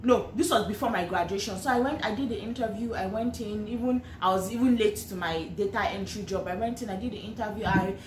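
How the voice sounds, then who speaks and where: A woman's voice: medium pitch, quick pace, few pauses, slight background noise. A young woman with a Nigerian accent telling a personal story in a chatty, earnest way, often repeating and restarting phrases. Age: young adult. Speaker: vlogger. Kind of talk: personal storytelling with faith reflection. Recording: echoey room with faint ambience.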